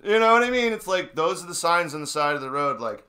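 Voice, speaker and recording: A man's voice: a little high, expressive, fairly quick, few pauses, bright, forceful tone. A man in a casual political chat, ranting and swearing, mocking the people around him. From New England. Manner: ranting, profane, mocking voices. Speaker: stream co-host.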